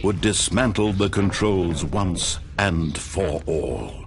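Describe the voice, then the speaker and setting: Omniscient game narrator, measured and dramatic, fairly low voice. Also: male voice, animated, slight background noise, heavily acted. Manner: measured, dramatic, rising to intense. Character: grave omniscient male narrator. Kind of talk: scripted storybook-style narration. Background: loud game music.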